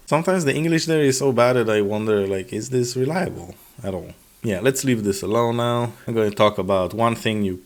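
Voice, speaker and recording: A man talking casually to camera in a vlog, sarcastic and animated, acting out officials' replies in mock voices. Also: on the low side. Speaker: vlogger.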